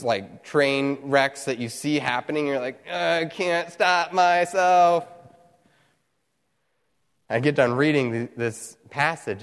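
A man preaching a sermon as pastor, telling a story with earnest, animated delivery and dramatic pauses. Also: medium pitch, big-room sound. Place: church hall, also streamed online.

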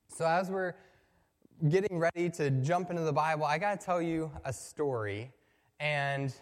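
A male pastor preaching a sermon, telling a story conversationally and building to emphatic points. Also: fairly high pitch. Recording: long reverb from a large hall.

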